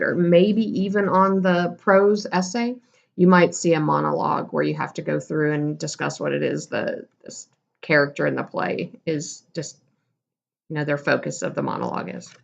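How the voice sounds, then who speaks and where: A woman's voice: lowish voice, gravelly, lo-fi sound. A woman teacher giving a casual recorded lesson, explaining terms and correcting herself as she goes.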